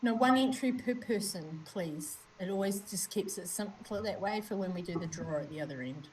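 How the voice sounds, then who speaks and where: A woman's voice: medium pitch, expressive, normal speed, a little mellow, distant mic, slight background noise. A woman with a New Zealand accent co-hosting a live stream, chatting casually and greeting viewers by name. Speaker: livestream co-host. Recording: roomy, from off-mic, faint ambience.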